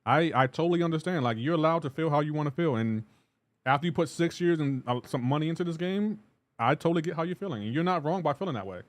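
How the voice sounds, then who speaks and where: A man's voice: fairly high pitch, expressive, fast, no room sound. A man streaming a game live, ranting in an exasperated way and repeating himself while reacting to chat.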